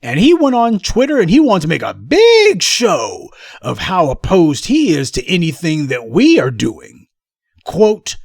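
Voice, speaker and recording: Male commentator, scornful and combative, slightly high voice, dry close sound. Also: huge pitch swings, a little slow, gravelly, no echo. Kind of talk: ranting commentary.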